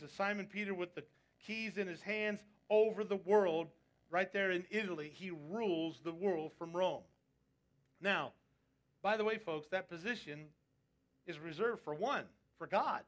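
A man's voice: high voice, fairly bright tone. A male preacher delivering a sermon, emphatic and asking his congregation rhetorical questions. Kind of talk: sermon on prophecy.

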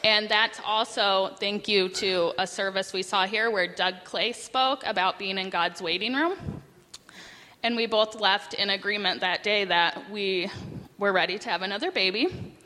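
A woman's voice: medium pitch, unhurried, sharp tone. A woman in her thirties, a church member sharing a personal testimony into a handheld mic, speaking casually with some hesitation. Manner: casual, a little hesitant with fillers. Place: church sanctuary. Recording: long reverb of a large hall.

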